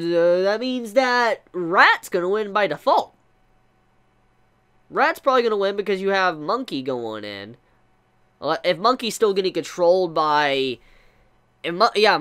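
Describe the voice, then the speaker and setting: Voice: medium pitch, a bit bright, clear, resonant tone. An anime reviewer ranting in a casual video review, exasperated, full of rhetorical questions, repeating words and restarting sentences while thinking aloud.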